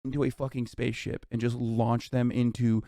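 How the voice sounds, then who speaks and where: With a mid-range, dark-toned voice kept level and at a moderate pace, a man in his thirties angrily rants about politics on stream. He curses, gets sarcastic, and reads chat messages out, in clean studio sound with no room sound.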